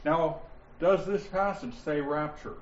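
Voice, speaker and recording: A man teaching a Bible study class, explaining points deliberately and stressing key words, with listeners answering him. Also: fairly high pitch, slight background noise. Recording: roomy, dull lo-fi sound with faint ambience.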